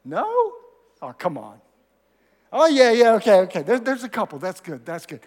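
A man's voice: high-pitched, huge pitch swings, normal speed, a little mellow, in a large hall. A man preaching a sermon as pastor of his church, talking conversationally and asking the congregation questions. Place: church sanctuary.

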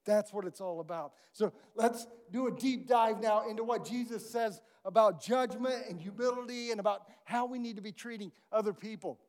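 A man with a high voice delivering a sermon. He tells stories in an animated way, swinging from loud bursts to near-quiet asides. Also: moderate pace, hardly any pauses. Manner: animated storytelling, acting out characters with big swings of volume. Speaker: pastor.

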